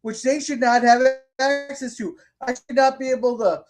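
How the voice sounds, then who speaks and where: A man's voice: very high voice, fairly even intonation, moderate pace, soft background music. A man hosting a podcast in heated casual political chat, indignant, swearing, and stumbling over restarts. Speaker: podcast host.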